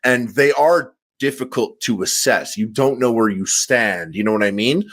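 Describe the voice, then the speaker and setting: A man's voice: mid-range voice, normal speed, fairly bright tone. Rambling man chatting on a podcast. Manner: rambling, heavy use of "like" fillers. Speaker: podcast co-host. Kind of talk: casual podcast chat.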